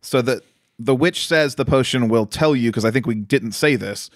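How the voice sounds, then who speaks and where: This man's voice sits at medium pitch and moves at a moderate pace, captured in clean studio sound with no room noise. He co-hosts a podcast, laughing often as he spins rambling stories in relaxed conversation.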